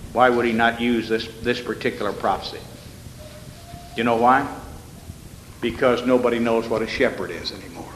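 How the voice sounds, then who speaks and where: A man's voice: mid-range voice, bright, forceful tone, slight background noise. A male pastor giving an evening sermon in a church, reading scripture and pressing points with rhetorical questions and folksy asides. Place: church sanctuary. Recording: echoey hall with long reverb.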